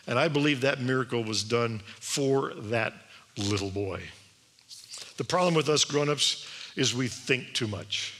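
A man's voice: mid-range voice, measured pace, fairly bright tone. A man giving an emphatic sermon-style address to an audience in a large hall, asking many rhetorical questions. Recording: long hall reverb.

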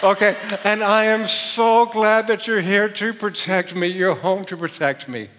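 A preacher putting on a pleading scheming wife. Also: male voice, steady tone, unhurried, bright, forceful tone, big-room sound, slight background noise. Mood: melodramatic. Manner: mock-high theatrical pleading.

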